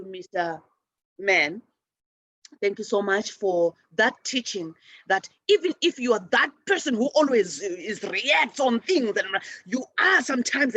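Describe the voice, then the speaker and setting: A woman hosting a spiritual show and leading a forgiveness practice, speaking earnestly, restarting and repeating words, and addressing souls with soft affirmations. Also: mid-range voice, husky, no echo. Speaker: show host.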